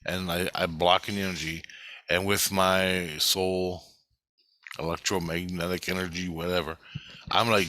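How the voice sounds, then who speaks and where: A man's voice: deep voice, little pitch movement, a little slow, sharp tone, dry recording. A man casually telling a long, rambling personal story, swearing often and jumping between thoughts. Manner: profane, restless, digressive. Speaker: vlogger recounting spiritual experiences.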